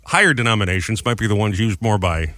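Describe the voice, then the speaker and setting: A man hosting morning radio, tossing out odd facts with a wry, joking delivery. He talks fast and his pitch jumps around a lot. The studio sound is dry and close. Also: expressive, bright, forceful tone, dry recording. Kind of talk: casual morning radio banter.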